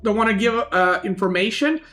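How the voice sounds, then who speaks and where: A man's voice: sits high, lively intonation, brisk, sharp tone. A man talks casually on a live stream, commenting on a tournament and working through his theories aloud. Faint music and keyboard typing come through behind him. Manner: thinking aloud, rambling theories.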